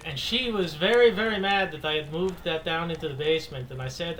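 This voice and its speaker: Halting man telling a story casually. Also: a little high, a bit bright, a little hiss or hum, low-quality recording. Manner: halting, repeats words, self-deprecating. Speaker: roleplaying game player. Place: online game voice chat.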